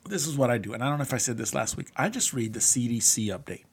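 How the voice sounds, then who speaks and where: A man's voice: medium pitch, animated, fast talker, vocal fry, husky. A man co-hosting a podcast in casual chat, rambling and restarting his sentences. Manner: rambling, laughs often, many restarts. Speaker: podcast co-host.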